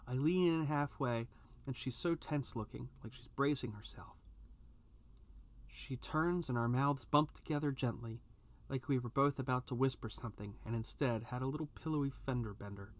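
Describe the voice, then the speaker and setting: A man reading a first-person story aloud, with an expressive delivery that rises at tense moments. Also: medium pitch, normal speed. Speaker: narrator.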